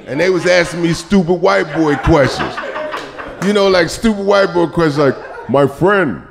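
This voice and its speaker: A man doing live stand-up comedy, telling loose, profane stories and shouting his punchlines. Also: fairly high pitch, normal speed, creaky, faint music behind. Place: comedy club stage. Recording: live club recording with crowd laughter. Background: audience laughter.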